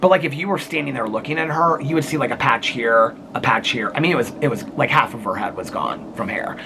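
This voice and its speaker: A man's voice: mid-range voice, lively intonation, fairly quick, gravelly, background noise. A man telling a personal story in a casual home vlog, seated in a chair with the camera on a table and rambling with many filler words. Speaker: vlogger.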